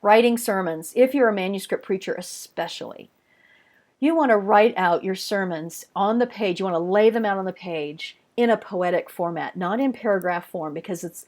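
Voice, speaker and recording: Woman teaching a webinar, chatty and emphatic, middle pitch, drags out words for emphasis. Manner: emphatic and expressive, stretching key words for effect; conversational, addressing listeners directly. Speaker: webinar presenter teaching worship design. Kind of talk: casual webinar lecture.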